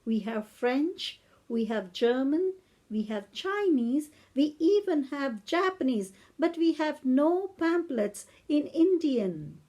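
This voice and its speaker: A woman putting on a very old British lady with a British accent, who talks slowly and over-clearly in a prim, condescending way. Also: sits high, sing-song, mellow, full character voice. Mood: patronizing politeness. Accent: British English, put on. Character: very old kindly but patronizing British lady.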